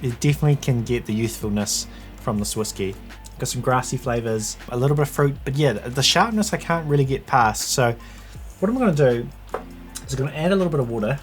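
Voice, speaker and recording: A man's voice: medium pitch, animated, fairly quick, soft background music. A man giving a casual whisky tasting review, chatting and thinking aloud as he tastes.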